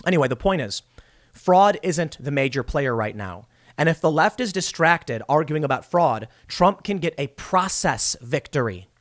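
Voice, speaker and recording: A man's voice: a little high, moderate pace. A man hosting political commentary, reading news articles and adding sarcastic, opinionated remarks. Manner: animated, sarcastic, mocks opponents.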